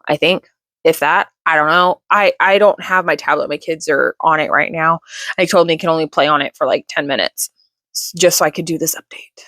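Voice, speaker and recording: A woman's voice: on the low side, a bit bright, no room sound, clean studio sound. A young adult woman chatting casually in a rambling vlog about her kids and reading, with many fillers. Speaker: mom vlogger.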